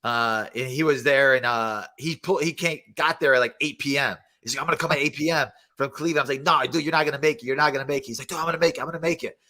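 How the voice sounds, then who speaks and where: A man's voice: mid-range voice, rapid-fire, few pauses. A man in his thirties, a fighter guest on a podcast, telling stories in casual chat and acting out quotes. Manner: excited storytelling, acts out quotes.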